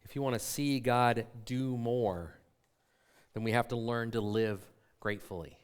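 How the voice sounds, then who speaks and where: Pria pastor berkhotbah santai dengan banyak pertanyaan. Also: male voice, medium pitch, fairly even intonation, measured pace, smooth. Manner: conversational preaching with rhetorical questions. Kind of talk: sermon. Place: church sanctuary.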